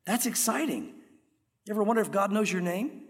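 Middle-aged pastor guy preaching, high voice, lots of hall reverb. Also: a little fast. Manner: earnest, animated, acts out crowd voices. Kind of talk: sermon. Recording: echoey hall with long reverb.

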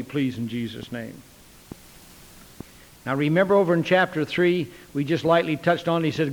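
Folksy preacher man in a reverberant hall. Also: fairly high pitch. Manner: folksy, acts out dialogue with voices. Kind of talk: sermon.

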